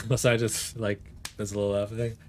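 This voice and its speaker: A man narrating as game master of a tabletop game, relaxed, with many fillers. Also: on the low side, normal speed, a little hiss or hum.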